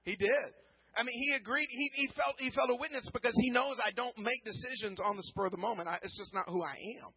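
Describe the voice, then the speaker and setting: A man preaching a sermon, telling a personal story earnestly, often repeating words and swinging from hushed to loud. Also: very high-pitched, fast talker, breathy edge, no echo, highs cut off. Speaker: pastor.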